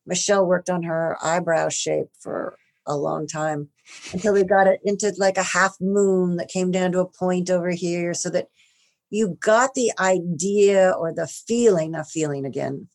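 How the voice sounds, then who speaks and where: A woman, a film makeup artist, telling stories in an interview, growing animated when excited. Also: lowish voice, unhurried. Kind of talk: interview, casual storytelling.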